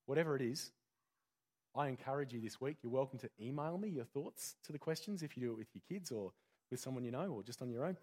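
A pastor giving a conversational sermon full of rhetorical questions. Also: male voice, mid-range voice, expressive, fast talker, a little mellow.

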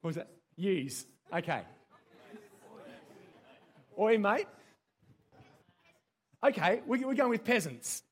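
A man's voice: high voice, sing-song, moderate pace, husky. A man with an Australian accent giving a playful, interactive teaching talk to a group, quizzing his listeners and getting them to repeat key words.

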